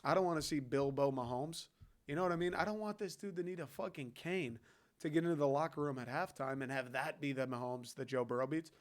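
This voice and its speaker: A man's voice: fairly high pitch, a little fast. A man hosting a podcast, talking sports in a loose, profanity-heavy, fired-up rant and calling his listeners "dude". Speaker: podcast host. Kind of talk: casual sports talk.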